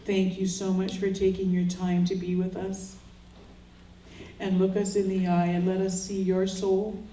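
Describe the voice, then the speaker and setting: A woman's voice: medium pitch, monotone, measured pace, mellow, slight background noise. An older woman, a grieving mother, speaking earnest and prayerful words at a memorial in short solemn phrases. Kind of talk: slow heartfelt memorial speech. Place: memorial gathering. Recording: roomy sound from far off.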